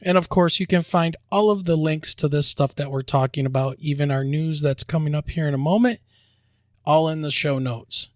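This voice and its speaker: A man hosting a podcast, joking around and spelling out web addresses slowly. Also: on the high side, steady tone, no room sound, studio quality. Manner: upbeat, jokey promo delivery, spells out web addresses slowly. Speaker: podcast host. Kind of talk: casual podcast chat and announcements.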